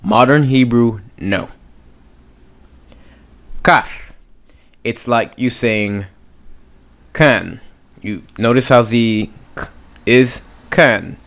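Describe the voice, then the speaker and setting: A man teaching a beginners' language lesson, patiently sounding out words and repeating them. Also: mid-range voice. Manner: patient, drawn-out pronunciation demos. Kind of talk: slow spoken lesson.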